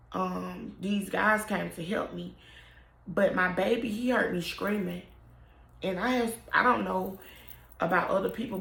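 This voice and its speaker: A young woman tells the story of losing her son, halting and emotional, often trailing off. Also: fairly low pitch, vocal fry. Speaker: mother telling her story. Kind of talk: personal storytelling to camera. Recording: roomy echo.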